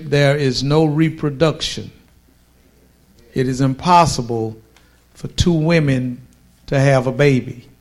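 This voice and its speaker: A male preacher delivering a sermon at a deliberately slow pace. He stretches his phrases and pauses between them for weight. His voice sits at an ordinary middle pitch and he makes forceful, emphatic declarations.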